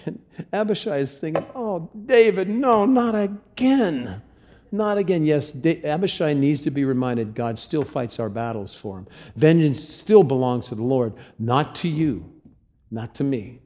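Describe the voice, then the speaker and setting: A man preaching a sermon, reading scripture and acting out the characters' lines with vivid emphasis. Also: dark tone. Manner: acts out biblical characters' lines with rising pitch and slowed emphasis. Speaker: pastor.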